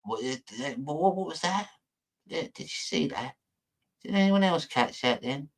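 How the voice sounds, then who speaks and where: A man's voice: a little high, animated, unhurried, a little hiss or hum. A man giving casual reaction commentary on a video he is watching, chatty and mocking, often stumbling over his words.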